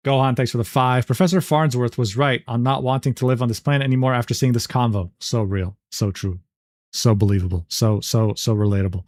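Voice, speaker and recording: A man's voice: mid-range voice, steady tone, fairly quick, darkish tone, no echo. A man reacting on a livestream, incredulous and slangy, swearing and laughing in disbelief. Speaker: streamer.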